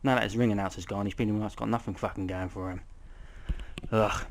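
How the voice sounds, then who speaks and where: A young man giving a casual, rambling review of a wrestling show, swearing often and filling pauses with ums. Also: fairly low pitch, steady tone, slight background noise.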